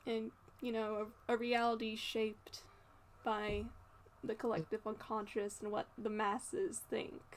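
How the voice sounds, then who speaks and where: A woman narrating a tabletop role-play as game master, speaking in a halting way with frequent pauses. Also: on the high side, flat delivery. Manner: halting, with frequent fillers and restarts.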